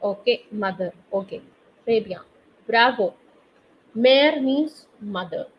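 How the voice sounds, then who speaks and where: A woman teaching a live online French class, explaining accents slowly and quizzing her students through the chat. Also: on the high side, animated. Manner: slow, patient, quizzes students via chat. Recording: slightly dull online class audio with faint noise.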